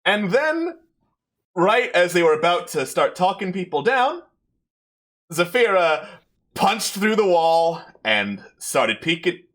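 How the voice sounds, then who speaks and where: A man's voice: sits high, sing-song, slow, fairly bright tone. A man hosting a livestream and narrating as game master, playful and self-mocking. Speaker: game master and stream host.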